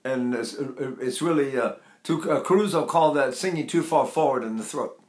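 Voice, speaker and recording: In an echoey room, an older man with a medium-pitched voice speaks at normal speed during a vocal lesson. He rambles through singing technique, stopping to demonstrate with sung vowels.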